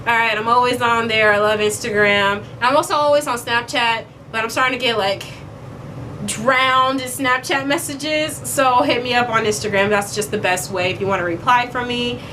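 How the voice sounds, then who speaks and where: A woman's voice: a little high, fairly even intonation, moderate pace, sharp tone, a little hiss or hum. A young woman chatting playfully to camera as a vlogger, acting out quoted lines as she goes. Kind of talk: casual chat to camera.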